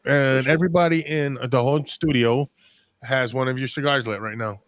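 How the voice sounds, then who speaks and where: A man's voice: medium pitch, fairly even intonation, normal speed, a bit bright. A man co-hosting a cigar podcast in a studio, joking and teasing the guest in casual banter. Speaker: podcast co-host.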